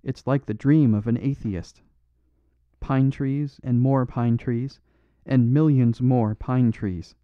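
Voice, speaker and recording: Male reader playing a big blunt ex-thief detective, low voice, for an audiobook, dull dry sound. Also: fairly quick, hardly any pauses, no echo, lightly acted. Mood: agitated. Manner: heavy, blunt, fearful. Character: huge gruff former thief, now a detective.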